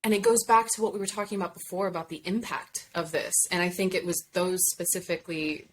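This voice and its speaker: Bubbly, low-pitched young woman. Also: fairly even intonation, fast talker, slight background noise, low-quality recording. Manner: bubbly, laughs often, warm reflective answers. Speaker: voice actor guest. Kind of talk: casual podcast interview.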